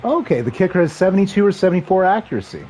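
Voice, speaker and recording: A man in his thirties streaming a football video game, calling the plays and chatting with viewers in a rambling, excitable way. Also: high voice, rapid-fire, slightly rough. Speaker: livestream gamer and commentator. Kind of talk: casual play-by-play chat with chat.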